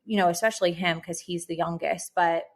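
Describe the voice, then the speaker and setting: Low gravelly woman, flat delivery. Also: a little fast. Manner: reflective, rambling, lots of "like" and "um". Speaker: podcast co-host. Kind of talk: casual podcast chat.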